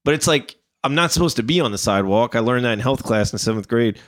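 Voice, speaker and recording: A man's voice: medium pitch, lively intonation, quick pace, a bit bright. A man in casual, profane podcast chat, rambling and acting out what other people said. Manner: rambling, swears a lot, acts out quotes. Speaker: podcast co-host.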